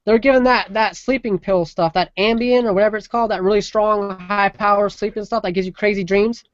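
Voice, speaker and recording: A woman's voice: mid-range voice, steady tone, fairly quick, no room sound, lo-fi sound. A woman hosting a casual call-in talk show, talking emphatically and rambling with many restarts. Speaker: podcast host. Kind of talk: casual opinion chat.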